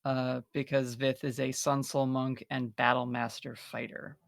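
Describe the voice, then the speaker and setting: A man's voice: mid-range voice, little pitch movement, a little slow, vocal fry, dry recording, studio quality. A player in a tabletop game, a man describing his character at length in a rambling, filler-heavy way.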